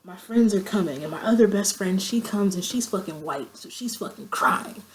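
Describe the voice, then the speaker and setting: A woman's voice: moderate pace, a little hiss or hum, rough recording. A woman telling a long, profane story in a casual vlog, acting out quoted friends with her voice. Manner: animated, profane, acts out quoted friends with pitch jumps. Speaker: vlogger.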